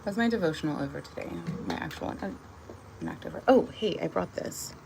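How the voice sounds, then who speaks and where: A woman vlogger with a lowish, creaky voice speaks briskly and animatedly over background noise. She casually muses about her views and then reads a brief devotional, meandering with soft laughter and restarts.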